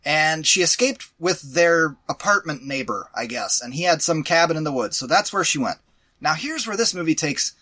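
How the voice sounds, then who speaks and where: Man, podcast co-host, bright and slightly high voice, animated and exasperated, casual swearing. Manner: animated, exasperated storytelling with profanity. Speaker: podcast co-host reviewing a movie. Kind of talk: casual chat.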